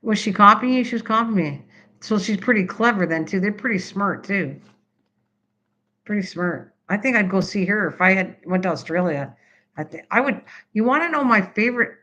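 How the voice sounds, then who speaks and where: A woman's voice: mid-range voice, animated, normal speed, sharp tone, highs cut off. An older woman from Canada hosting a casual craft live stream, rambling chattily and answering viewers' typed comments.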